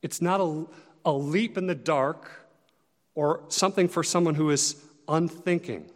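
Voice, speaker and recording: A high-voiced male pastor preaching with earnest, conversational directness. His loudness swells and falls for emphasis, and a long reverb trails each phrase through a large hall. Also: unhurried. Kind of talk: sermon.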